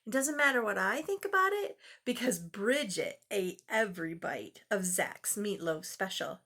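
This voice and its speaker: Animated older woman reading a storybook. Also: medium pitch, unhurried, few pauses, slight background noise. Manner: animated, exclaiming asides to the listener. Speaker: storyteller grandmother. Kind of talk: reading a picture book to children.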